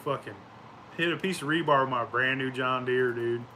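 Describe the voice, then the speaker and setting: Bright-voiced, profane storytelling man. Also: medium pitch, normal speed, a little hiss or hum. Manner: profane, rambling, laughing storyteller. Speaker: vlogger. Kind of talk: casual chat. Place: outdoors at home.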